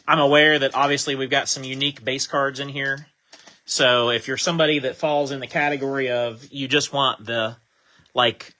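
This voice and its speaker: Bright-voiced man hosting a card break. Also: mid-range voice. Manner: relaxed, chatty, reads out card names. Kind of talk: casual live card-break commentary.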